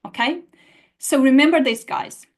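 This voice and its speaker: A language teacher whose voice sits high teaches a live online lesson at a moderate pace. She reads student responses aloud and keeps repeating sounds as demonstrations for learners to copy.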